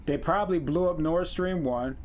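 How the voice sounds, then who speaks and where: A man's voice: a little high, normal speed, darkish tone, slight background noise. A man in a casual podcast chat, hesitant and full of fillers, voicing skeptical disagreement.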